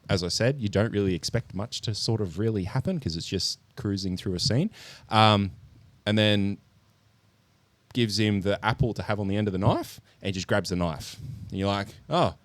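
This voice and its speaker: Deep-voiced man retelling a film, animated. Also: normal speed, no room sound. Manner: animated storyteller, swears freely, lots of ums. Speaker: podcast co-host. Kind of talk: casual podcast chat, movie review.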